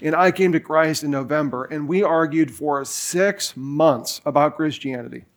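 A man's voice: fairly high pitch, normal speed. A man in his forties preaching a sermon, telling a personal story in a casual way with lots of fillers. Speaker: pastor.

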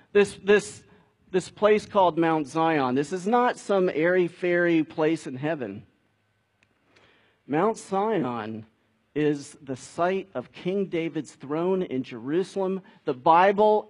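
A man preaching a sermon in a conversational way, building to emphatic peaks. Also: sits high. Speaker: pastor.

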